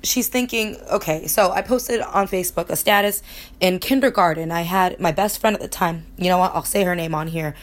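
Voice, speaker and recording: A woman's voice: lowish voice, a little fast. Candid rambling woman telling a personal story. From Connecticut, USA. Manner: rambling, candid, swears freely, emotional. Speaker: vlogger.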